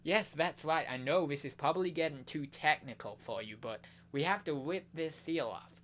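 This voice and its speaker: A man's voice: on the high side, fairly bright tone, close to an everyday voice. A man doing a put-on American accent, playing a mock-serious man explaining step by step how to pack a parcel. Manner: slow, over-explaining, mock tutorial tone.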